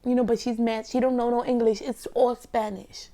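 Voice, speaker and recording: A young adult woman talking casually while eating, sliding between soft speech and whispers, rambling through stories full of "like". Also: a little high, little pitch movement, normal speed. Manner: rambling storyteller, heavy filler 'like'. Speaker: ASMR mukbang creator.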